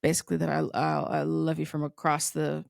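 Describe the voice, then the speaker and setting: Gravelly-voiced woman chatting on a podcast. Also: low voice, monotone, fairly quick, no room sound, studio quality. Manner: chatty, laughs often, rambling retelling. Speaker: podcast co-host. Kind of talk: casual chat.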